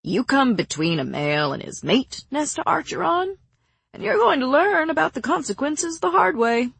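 A woman's voice: high voice, very animated, normal speed, vocal fry, fairly bright tone, no room sound, pitched above the performer's own voice, full character voice. A woman reading an audiobook, voicing a cocky male warrior who taunts in a casual, mocking way. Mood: threatening.

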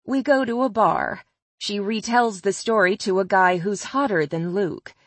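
A woman's voice: mid-range voice, a little slow, dry recording. A woman narrating a first-person novel as an audiobook, with a wry, sardonic delivery.

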